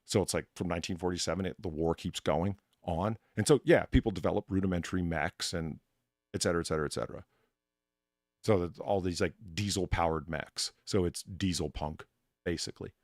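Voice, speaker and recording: A man hosting a casual chat, animated and laughing, with frequent restarts. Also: low voice, a little fast, no room sound, clean studio sound. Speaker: host.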